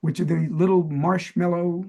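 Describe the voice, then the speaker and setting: A middle-aged man from New Jersey co-hosts a casual podcast, quizzing his partner in a rambling, friendly way. His voice sits fairly high for a man, with a gravelly edge and a husky texture. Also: level tone, moderate pace, a little mellow. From New Jersey, USA. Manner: chatty, meandering, quizzing with fillers. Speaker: podcast co-host. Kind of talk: casual chat, trivia quiz.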